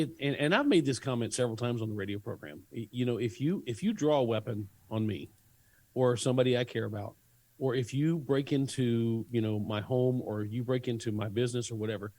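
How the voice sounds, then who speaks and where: A male co-host spins a story at his own pace, stumbling back over his words as he goes. His voice is mid-pitched and plain, typical of casual radio talk. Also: brisk, a little mellow, rough recording. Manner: rambling, with many restarts.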